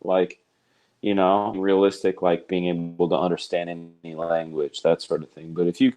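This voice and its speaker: Guy hosting a laid-back chat show, kinda low voice, rambles and pokes fun at himself. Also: moderate pace. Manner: relaxed, rambling, self-deprecating. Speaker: podcast host. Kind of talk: casual interview chat.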